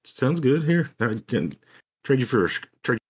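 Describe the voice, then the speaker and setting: A man's voice: medium pitch, big pitch swings, moderate pace, slightly rough. A man playing a tabletop game, easygoing and agreeable. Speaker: player.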